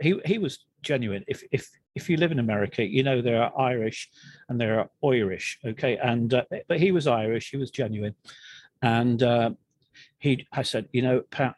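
A middle-aged man, frankly and haltingly telling his own recovery story as a guest in an interview. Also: medium pitch, a little mellow, slightly rough, no room sound. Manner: frank, halting and self-deprecating. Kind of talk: candid personal storytelling.

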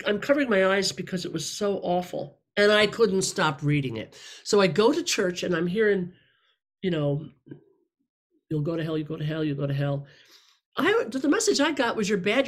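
Middle-aged woman, candid rambling testimony, speaking to a room. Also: lowish voice. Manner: candid, rambling, self-deprecating. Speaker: speaker sharing her story. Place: room with listeners.

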